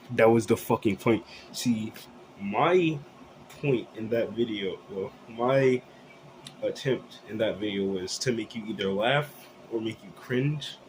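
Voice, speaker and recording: A man's voice: lowish voice, background noise. A man vlogging in a blunt, rambling, casual rant full of swearing.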